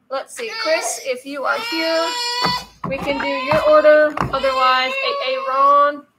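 A woman hosting a live card-opening stream from home, chatty and apologetic, often breaking off to soothe a baby. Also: sits high. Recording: loud background noise with a crying baby.

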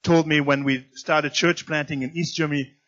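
A man preaching a sermon as guest pastor in a church, swinging between loud emphatic lines and quiet low asides. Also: steady tone, normal speed, dull audio. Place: church sanctuary.

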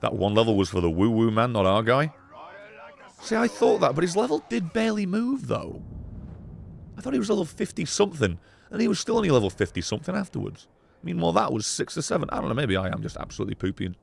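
A man streaming a video game live, commenting excitably and swearing often. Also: a little high, quick pace, creaky, a little hiss or hum. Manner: excitable, profane, chatty.

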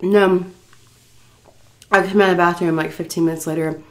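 A woman's voice: fairly low pitch, steady tone, brisk. A woman recovering from the flu, out of breath and sighing as she chats to her viewers. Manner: chatty, addresses viewers directly. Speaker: food vlogger. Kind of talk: casual storytelling to camera.

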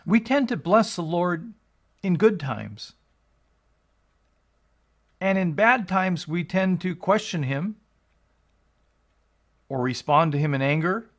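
A man's voice: sits high, animated, slow pace, pauses often. A male pastor reading scripture aloud and explaining it, in an earnest teaching tone that rises for emphasis. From United States.

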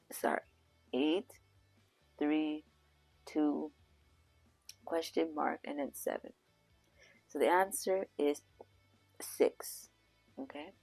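A woman with the hiccups talks slowly through math puzzles in a low, husky voice with plenty of vocal fry. She keeps stopping to say sorry and fix her words. The sound is dry and close, with faint music underneath. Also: darkish tone, dry recording, low-quality recording. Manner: frequent self-corrections with "sorry". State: has the hiccups. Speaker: vlogger. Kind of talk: casual vlog reading math puzzles.

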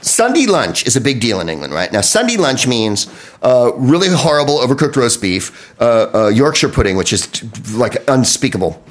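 An American man telling comic stories on a podcast with a lively, swooping delivery. He swears freely and drops into quick impressions as he riffs. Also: medium pitch. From United States. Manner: animated, profane, riffing with impressions. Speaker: comedian. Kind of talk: comedic monologue on a podcast.

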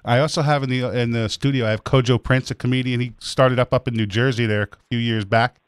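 A man's voice: mid-range voice, steady tone, fast talker, smooth, no echo. A man hosting a talk show from a studio, chatting casually with loose, crude teasing. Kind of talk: casual joking chat. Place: radio studio.

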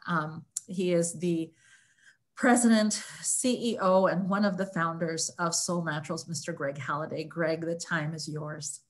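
A woman hosts a webinar, sharing testimonials with open emotion and gushing praise. Her voice sits on the lower side for a woman. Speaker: host. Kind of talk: webinar testimonial and product talk.

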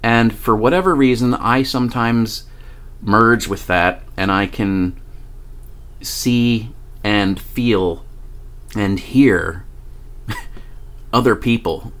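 A man vlogger telling a personal story in a casual, animated way, swearing freely and laughing often. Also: lowish voice, slow, pauses often.

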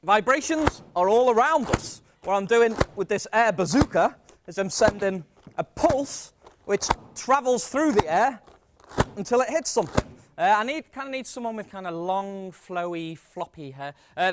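Lively, high-voiced man joking on stage. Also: normal speed, noisy background. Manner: jokey, self-mocking, energetic. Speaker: science presenter. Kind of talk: comic live science demonstration. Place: stage before a live audience.

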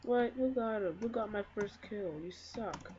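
A woman giving casual let's-play commentary on her own game, excitable and trash-talking. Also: medium pitch. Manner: excitable, trash-talking, quick to get frustrated. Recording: loud noise and mouse clicks behind.

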